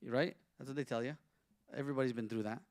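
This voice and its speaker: Holding a steady tone at mid-range pitch, a sheikh teaches the Quran interactively and conversationally, questioning his audience and reciting Arabic verses fast. There's no room sound, and the recording is studio quality.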